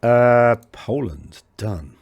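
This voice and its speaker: This host of a tabletop wargame podcast speaks very slowly but animatedly at medium pitch, in a dry, muffled recording. He chats casually over game lists, rambling and self-correcting while browsing, with a tickly throat.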